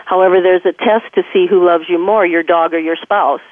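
A woman's voice: fairly low pitch, brisk, no room sound. A woman veterinarian talks over a thin, phone-like line with a dry, close sound. She tells her stories with animation, laughs readily, and slips into the voices of the people she quotes. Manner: lively, laughs often, acts out quotes. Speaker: veterinarian and author guest. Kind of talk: animated conversational storytelling.

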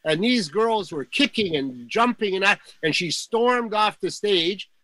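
A man's voice: high voice, expressive, a little slow, sharp tone, no echo, low-quality recording. An older man telling a long backstage anecdote in casual talk, rambling with fillers and restarts. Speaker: guest storyteller.

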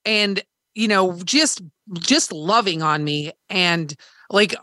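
Bright, candid woman telling a story. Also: fairly low pitch, slow, no room sound, studio quality. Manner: swearing, animated retelling with quoted dialogue and laughter. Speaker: podcast host. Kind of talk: candid storytelling in casual chat.

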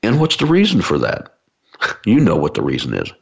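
A man's voice: sits low, huge pitch swings, normal speed, gravelly, husky. A man giving an explanatory talk to a business audience, using everyday analogies with frequent fillers. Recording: dull lo-fi recording.

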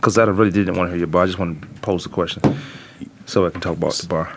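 A man's voice: low-pitched, fairly even intonation, background noise. A man hosting a sports talk show, joking and teasing his co-host in casual banter. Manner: joking, teasing, quick-talking.

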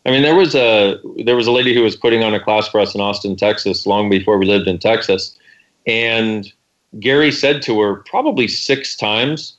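A man's voice: mid-range voice, moderate pace, fairly bright tone, highs cut off. A man co-hosting a call-in talk show, telling stories and acting out quoted lines. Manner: storytelling, acts out quotes. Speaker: co-host.

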